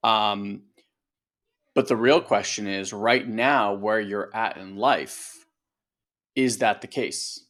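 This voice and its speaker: A man talking casually as a coach on a podcast, animated and conversational. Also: fairly low pitch, slow, long pauses. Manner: animated, acts out voices, conversational. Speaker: coach and co-host.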